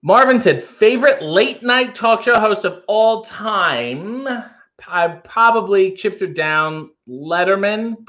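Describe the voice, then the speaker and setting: Man, high bright voice, casual livestream host, rambling wry asides, dull lo-fi audio. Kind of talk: casual chat reading viewer comments.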